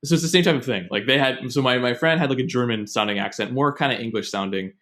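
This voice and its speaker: A man's voice: mid-range voice, quick pace, a bit bright. A young man hosting a podcast, telling stories in a loose, rambling, casual way. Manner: rambling, digressive storytelling. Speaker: podcast host. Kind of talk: casual chat.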